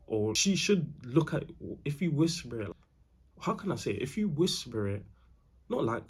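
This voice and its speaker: A man's voice: mid-range voice, sing-song, moderate pace, slightly rough. A young man giving casual dating advice, slangy and repetitive, calling the listener bro. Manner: slangy, repeats himself, calls the viewer bro.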